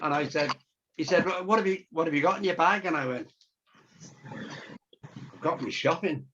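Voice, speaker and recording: Speaking at a moderate pace in a fairly high voice, an illustrator casually relates a lengthy story on a video call, imitating the different characters' voices. Background noise is present, and the call's sound is dull and lo-fi.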